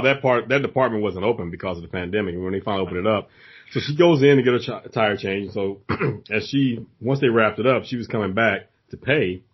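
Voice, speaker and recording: A man co-hosting a podcast, chatting casually and telling a story with animated quotes and frequent laughs. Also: fairly low pitch, husky, dull audio.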